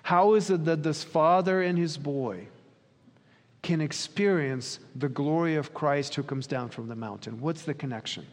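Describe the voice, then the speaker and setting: A man's voice: on the high side, a little slow. A man preaching a sermon in an earnest, questioning way, sometimes acting out quoted dialogue. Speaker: pastor. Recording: long reverb of a hall.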